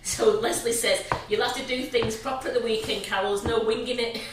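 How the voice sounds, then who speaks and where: A woman's voice: fairly high pitch, steady tone, a little fast. A woman reading viewer comments aloud during a live stream, casual and teasing. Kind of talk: casual chat. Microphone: off-camera, away from mic. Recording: distant, echoey, noisy room.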